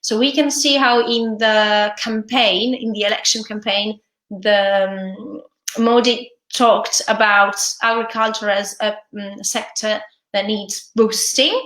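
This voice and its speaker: A woman's voice: medium pitch, flat delivery, slow pace, fairly bright tone, echoey room. A woman English teacher with an Italian accent, reading a news article aloud and explaining it, hesitating often with fillers and restarts.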